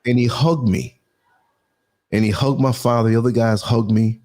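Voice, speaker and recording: A man's voice: mid-range voice, moderate pace. An older man with a New York accent, a podcast host telling a long personal story in casual chat and acting out the people in it. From New York City. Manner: animated storyteller, acts out voices of people in his story.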